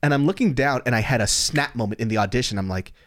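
A young man, a comedian, telling candid, profane stories in a casual podcast chat, often breaking into laughter and shouted self-mockery. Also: medium pitch, fast, no room sound, studio quality. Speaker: comedian and YouTuber guest.

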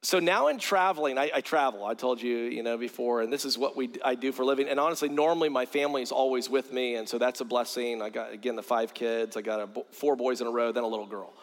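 A man's voice: mid-range voice, quick pace, hardly any pauses. Earnest evangelist man preaching in a hall. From South Carolina. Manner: earnest, repeats words as he builds a point. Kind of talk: sermon with storytelling. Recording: long hall reverb.

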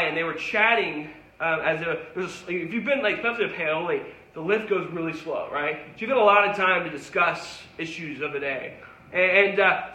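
A man's voice: high voice, bright, forceful tone, echoey room, poor audio. A man preaching a sermon as a pastor, conversational and rising to emphatic peaks.

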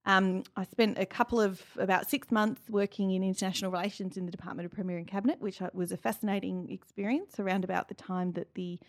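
A woman answering interview questions in an office, speaking with many pauses and restarts. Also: medium pitch, fairly even intonation. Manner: halting, many fillers and restarts. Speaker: guest, industry chief executive. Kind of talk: casual interview talk.

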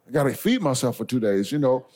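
Man, bishop, sermon, call-and-response, folksy, shouted climaxes, lively pitch. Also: quick pace. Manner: call-and-response preaching, swings from soft asides to shouted climaxes; folksy, addresses the congregation as y'all and baby. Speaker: bishop preaching. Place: church sanctuary before a congregation.

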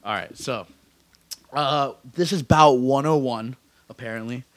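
A man hosting a podcast, chatting casually in an animated way and laughing often. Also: medium pitch, unhurried, dry recording. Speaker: podcast host. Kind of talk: casual chat.

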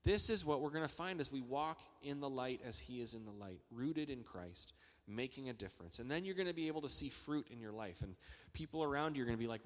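A man preaching a sermon as pastor, talking in a conversational way that builds to excited emphasis. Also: medium pitch, brisk. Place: church hall. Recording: long reverb of a large church hall.

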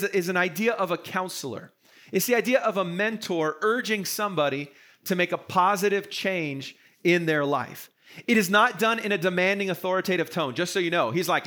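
A pastor with a high-pitched, sharp voice preaches an earnest, encouraging sermon in a conversational style. It's live-streamed to an online congregation.

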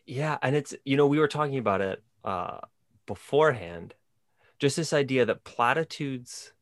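A man's voice: medium pitch, lively intonation, moderate pace, dry recording, studio quality. A man hosting a conversation about faith, thoughtful and loose, often saying "like". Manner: thoughtful, uses filler "like".

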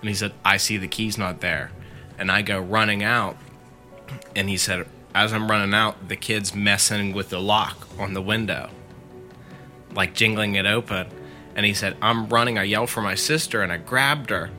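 A man's voice: fairly low pitch, fairly even intonation, moderate pace, bright, forceful tone, soft background music. A man casually retelling a story to friends on a podcast, filling it with "like" and "he said". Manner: chatty, leans on "like" and "he said" while retelling. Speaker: podcast co-host telling a story.

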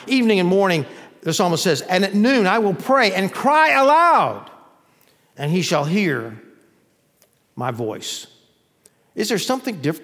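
A male pastor preaching a sermon, swelling into loud cries and dropping to a hushed voice. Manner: drops to a hushed, low voice at tender moments. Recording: long reverb of a large hall.

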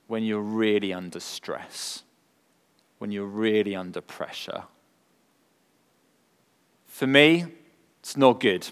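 A man preaching a sermon, earnest and full of rhetorical questions, moving from emphatic lines to hushed ones. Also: a little high. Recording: long hall reverb.

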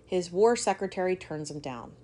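A woman's voice: fairly low pitch, animated, moderate pace, dark tone. A woman co-hosting a podcast, reading a history story aloud and breaking off to joke and swear. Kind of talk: casual storytelling chat.

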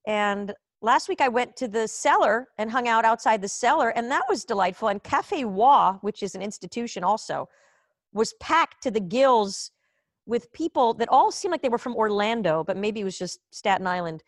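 A woman's voice: on the high side, lively intonation, moderate pace, no room sound, clean studio sound. Chatty profane woman from Israel. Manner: chatty, profane, self-mocking, jumps between topics. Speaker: comedian hosting a live online show. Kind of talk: casual rambling stand-up chat. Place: home, on a video call.

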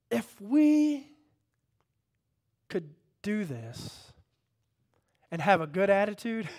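A male pastor preaching with a notably high voice. He moves from quiet, low passages to loud, fervent peaks, calling questions out to his congregation. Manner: impassioned, swings from hushed to loud, calls out to the congregation. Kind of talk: sermon.

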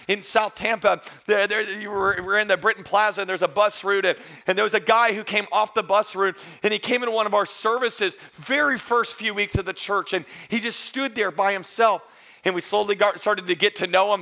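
A man's voice: high voice, bright, forceful tone. A middle-aged male pastor preaching a sermon in a church service, talking in an earnest, conversational way with frequent restarts and repeated words.

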